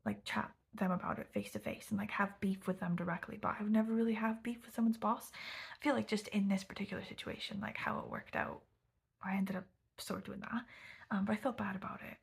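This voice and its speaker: A woman's voice: medium pitch, fast talker. A young woman chatting through a casual storytime vlog, half-whispering and peppering her talk with "like". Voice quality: breathy, gravelly. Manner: chatty, heavy use of "like", often half-whispered. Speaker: vlogger.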